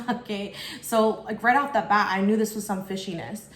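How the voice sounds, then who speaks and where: A woman chats through a personal storytime at home, talking loosely with plenty of fillers. Her voice sits at an ordinary middle pitch. The room around her rings with a noticeable echo and a faint hum of ambient noise. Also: fairly quick. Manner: chatty, filler-heavy, expressive. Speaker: vlogger. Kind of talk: storytime while eating. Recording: echoey room.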